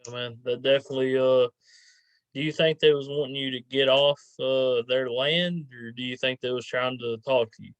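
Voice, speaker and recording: A man's voice: medium pitch, steady tone, moderate pace, dry recording, rough recording. A man hosting a podcast interview in an easygoing, informal way. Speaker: podcast host. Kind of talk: casual interview chat.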